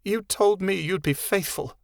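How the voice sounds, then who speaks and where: A woman's voice: mid-range voice, a little slow, vocal fry, no echo, clean studio sound, voice pushed up. A man doing a proud, betrayed witch queen. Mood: hurt. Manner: icy, hissing.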